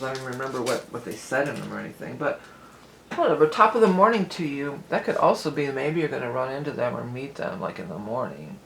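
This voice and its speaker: A woman giving a casual tarot reading, chatty and rambling, with frequent small laughs and digressions. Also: rumbling low. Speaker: tarot reader. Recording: echoey room, faint background noise.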